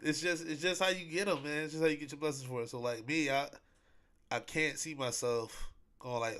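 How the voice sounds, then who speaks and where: A male podcast host chats casually on his own, rambling and repeating himself with lots of slang and fillers. His voice is on the high side with a fairly bright tone, and he talks a little fast.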